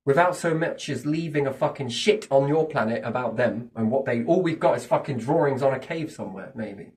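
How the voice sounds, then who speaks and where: A man's voice: mid-range voice, a little fast. Guy riffing on wild ideas, swears a lot, fires off questions and answers them himself, sounds a bit far from the mic. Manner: animated, profane, speculative, asks himself questions and answers them. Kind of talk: casual rambling monologue. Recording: distant from the mic.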